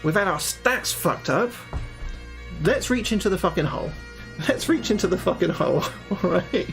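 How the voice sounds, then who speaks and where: A man reads the passages of a fantasy gamebook aloud, then drops into casual, profane chatter with his stream audience. His voice sits a little high for a man. Soft music plays quietly underneath. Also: animated, normal speed, gravelly. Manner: chatty, swears freely, talks to his viewers. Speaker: livestreamer playing a solo gamebook.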